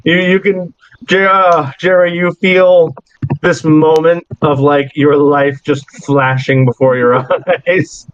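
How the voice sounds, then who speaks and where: A man's voice: a little high, steady tone, slow pace, clear, resonant tone, highs cut off. A laughing game master man. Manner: laughing, rambling descriptions. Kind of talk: narrating a tabletop game.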